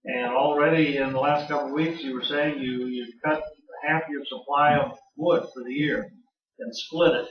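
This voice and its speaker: A man's voice: on the high side, steady tone, moderate pace. Older man rambling an introduction. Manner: rambling, hesitant, many fillers. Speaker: event host. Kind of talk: introducing a speaker. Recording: roomy hall, distant mic, dull sound.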